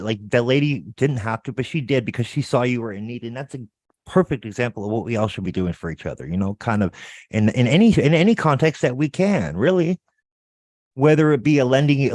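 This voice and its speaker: A male show host speaking earnestly and haltingly, often repeating words and addressing his audience as folks. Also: mid-range voice, a little mellow, no room sound. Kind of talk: motivational talk-show hosting.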